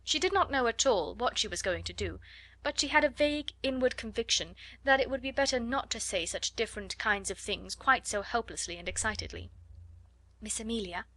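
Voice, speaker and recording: A woman reading a classic children's novel aloud as an audiobook narrator, in measured, expressive storytelling. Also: a little high. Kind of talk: scripted narration.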